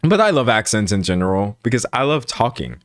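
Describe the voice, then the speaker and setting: A young American man in his twenties talking loosely to his livestream audience, rambling from one thought to the next and laughing as he goes. His voice sits a little low, and the recording is dry and close at a desk mic. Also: big pitch swings, fairly quick, no echo. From United States. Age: 20s. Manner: chatty and rambling, laughs often. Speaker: livestream host. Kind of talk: casual livestream chat with viewers.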